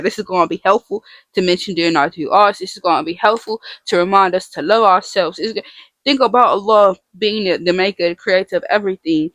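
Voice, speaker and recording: A woman talks straight to her viewers in an earnest, emphatic way. She keeps returning to the same phrases and puts questions to the listener. Her voice is mid-pitched, and the recording is dry, with no echo from the room. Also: brisk, fairly bright tone. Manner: asks the listener rhetorical questions. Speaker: vlogger teaching about the names of God. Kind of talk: casual faith talk to viewers.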